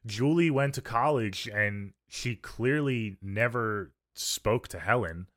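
A man co-hosting a movie review podcast, thinking out loud in a relaxed way and leaning on filler words. His voice is lowish but bright and forceful. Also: slow. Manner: thoughtful, many fillers like "like" and "you know". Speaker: podcast co-host. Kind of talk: casual movie review chat.

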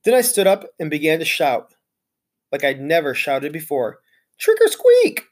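A reader narrating a children's storybook aloud in an expressive, lively way. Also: medium pitch, moderate pace.

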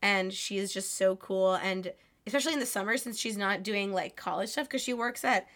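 A woman's voice: medium pitch, fairly quick, a bit bright. Young woman on a podcast, chatty and giggly, lots of likes and ums. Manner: chatty, giggly, many fillers. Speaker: podcast co-host. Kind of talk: casual chat.

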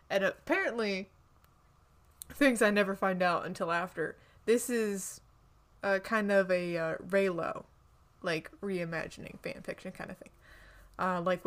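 A woman co-hosting a podcast in casual book chat, gushing and chatty, often restarting her sentences. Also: medium pitch. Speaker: podcast co-host.

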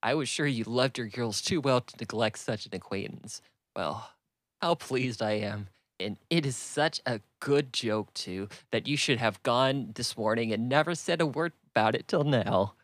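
A man voicing a fretful, nervous middle-aged mother who complains in a shrill, fussing way. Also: moderate pace, a bit bright, dry recording, lightly acted. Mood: gushing.

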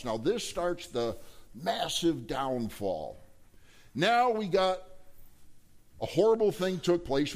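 A male pastor preaching a sermon, telling a story with rhetorical questions and acted-out characters. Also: fairly high pitch.

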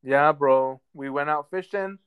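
Guy cohosting a chill podcast, slow and smooth, lots of ums. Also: fairly high pitch, narrow, tinny audio. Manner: laid-back, drawn-out, with many ums. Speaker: podcast co-host. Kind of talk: casual chat. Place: lives in a southern US metro area.

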